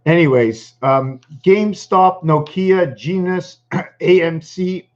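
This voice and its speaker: A man's voice: a little high, slow pace, lo-fi sound. A man talking in a meandering monologue, full of ums and restarts. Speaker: channel host. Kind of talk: rambling monologue.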